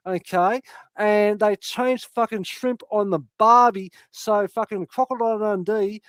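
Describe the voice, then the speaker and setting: High-voiced Australian man, swearing storyteller. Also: fairly even intonation, moderate pace, no room sound. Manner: rambling storyteller, swears constantly. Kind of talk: casual group chat.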